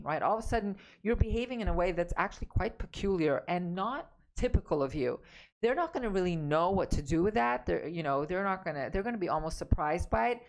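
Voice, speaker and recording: A woman relationship coach giving emphatic, direct advice, repeating her key points. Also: lowish voice. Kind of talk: advice talk to camera.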